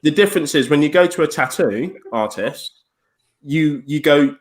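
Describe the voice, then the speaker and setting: A man co-hosting a casual podcast chat, talking fast, swearing and acting out what other people say. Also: a little high, animated, poor audio. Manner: rapid, swearing, acts out quoted people. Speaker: podcast co-host.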